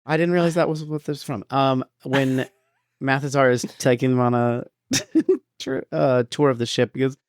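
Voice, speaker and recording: A man co-hosting a film podcast in casual chat, animated and quick to act out lines. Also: medium pitch, no echo, studio quality. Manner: animated, quotes film lines in big voices. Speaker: podcast co-host.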